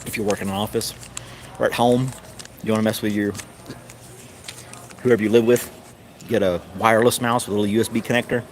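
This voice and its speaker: Low-voiced man telling stories with noise behind. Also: fairly even intonation, a little fast, long pauses. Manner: chuckling, rambling, mimics others in a high voice. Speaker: streamer. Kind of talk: casual storytelling. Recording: noisy background.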